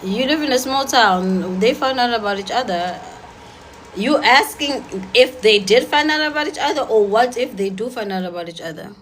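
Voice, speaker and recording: A woman's voice: fairly high pitch, lively intonation, fairly bright tone, slight background noise, low-quality recording. A woman giving blunt, sassy dating advice in casual talk to an audience. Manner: blunt, sassy, rapid-fire.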